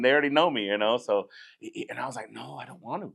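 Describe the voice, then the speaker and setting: A barbecue business owner from Southern California chats casually as a guest, rambling through stories and acting out other people's lines in a relaxed way. His mid-range voice comes out very fast, with vocal fry.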